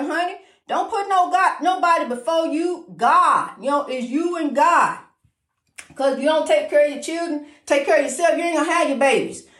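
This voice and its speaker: Woman, high voice, informal emphatic preacher, repeats lines, says honey a lot, echoey room. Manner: repetitive, emphatic, calls the listener honey; talks fast when excited. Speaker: inspirational speaker.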